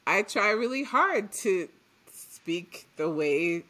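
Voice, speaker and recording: A woman from Trinidad co-hosting a podcast in casual chat, animated and laughing often. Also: mid-range voice, slow. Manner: animated, laughs often, trails off mid-thought. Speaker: podcast co-host.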